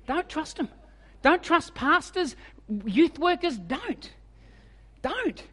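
Aussie preacher guy in his 40s, really high bright voice, funny self-mocking stories, big hall echo. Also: slow. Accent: Australian. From Australia. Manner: humorous, self-mocking storyteller. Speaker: evangelist preacher. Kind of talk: sermon storytelling.

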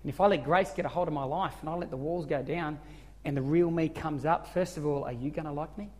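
Speaking quickly in a fairly high voice, a male pastor delivers an earnest, conversational sermon. He often stumbles and starts over, and long hall reverb trails his words.

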